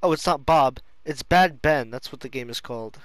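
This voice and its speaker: A man's voice: medium pitch, moderate pace, dry recording. A man chatting casually, rambling, giggling and swearing as he talks. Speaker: friend chatting. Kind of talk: casual chat.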